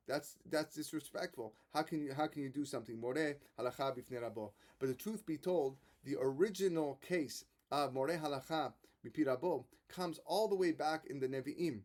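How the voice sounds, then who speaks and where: A man who is a rabbi giving a Torah lesson, retelling the stories with animated quoted voices and frequent restarts. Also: medium pitch.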